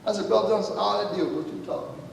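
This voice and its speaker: A man's voice: high voice, very fast, vocal fry. A man pastor telling a testimony in a sermon, acting out the dialogue and asking the congregation if they are listening. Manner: storytelling, acting out dialogue, calls out "you listening?". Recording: echoey hall from far off, faint noise.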